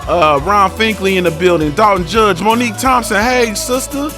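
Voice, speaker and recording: A man livestreams casually over background music, his voice high and slightly quick as he greets viewers by name in a relaxed, slangy, sing-song manner.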